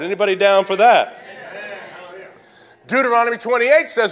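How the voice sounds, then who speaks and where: A man in his sixties preaching a sermon, mixing comic storytelling with animated calls to the congregation. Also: sits high, unhurried. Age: 60s. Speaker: pastor.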